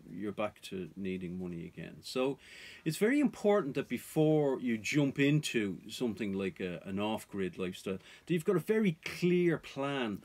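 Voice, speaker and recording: A man's voice: mid-range voice, very animated, normal speed, darkish tone. A man vlogging about off-grid life, talking to viewers in an earnest, cautionary way. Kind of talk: casual advice to viewers.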